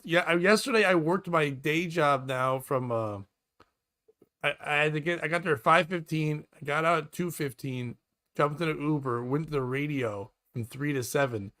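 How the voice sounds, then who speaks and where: Podcast host, male, higher pitch, bright edge, rambling profane banter. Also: moderate pace. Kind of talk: casual comedic chat.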